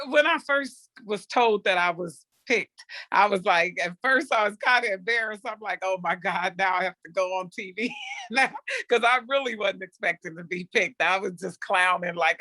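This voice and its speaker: A man's voice: sits high, bright, forceful tone, dry recording. A man, a former reality show contestant, casually recalling his audition in an easygoing, rambling way with many fillers. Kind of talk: casual chat.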